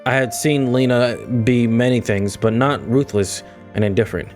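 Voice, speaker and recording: A man's voice: mid-range voice, a little fast, soft background music. A young man reading a visual novel aloud and reacting with exasperated, slangy outbursts. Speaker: gaming video creator.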